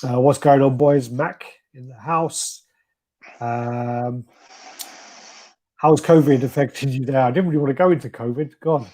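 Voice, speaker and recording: A man's voice: mid-range voice, a little slow, darkish tone. A man hosting a casual live stream, reading out viewer comments with a laid-back, swearing manner. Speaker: host.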